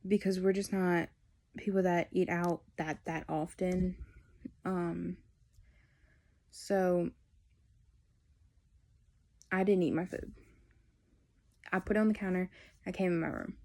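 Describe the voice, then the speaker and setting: Flat-voiced young woman telling a story. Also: fairly low pitch, slow pace, pauses often. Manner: candid, rambling, heartfelt. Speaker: vlogger. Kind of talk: personal storytelling.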